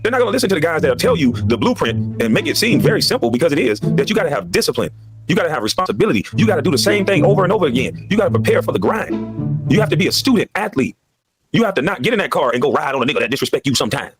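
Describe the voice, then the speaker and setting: Man in a fast, lively rant. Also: a little high, over music. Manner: emphatic, repetitive ranting. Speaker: former basketball player. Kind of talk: heated monologue on a podcast.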